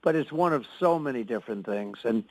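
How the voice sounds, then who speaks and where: A man's voice: medium pitch, expressive, fairly quick, no room sound, poor audio. An older man answering interview questions in a boastful, repetitive, rambling manner. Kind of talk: radio interview.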